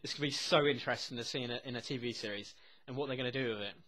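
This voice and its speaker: A young man reacting to a TV episode as he watches. He talks excitedly, swears constantly and often laughs. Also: medium pitch, rapid-fire. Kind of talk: live reaction commentary.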